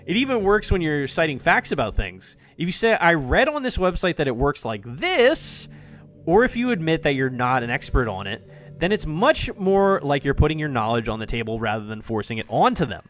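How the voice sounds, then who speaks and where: A man's voice: on the high side, big pitch swings, brisk, fairly bright tone, slight background noise. Man reading as a playful young woman, lilting. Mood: earnest. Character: cheerful young female club president. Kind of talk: reading visual novel dialogue aloud.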